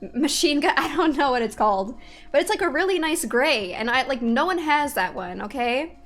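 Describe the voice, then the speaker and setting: A woman's voice: sits high, animated, normal speed. A young woman streamer chatting casually to her viewers, venting with exasperation, swearing freely and laughing in disbelief.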